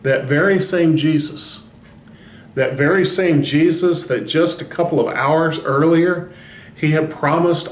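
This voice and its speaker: A man's voice: on the high side, measured pace. A man giving a short devotional as a pastor, telling the story with folksy humor. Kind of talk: devotional talk. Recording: roomy echo.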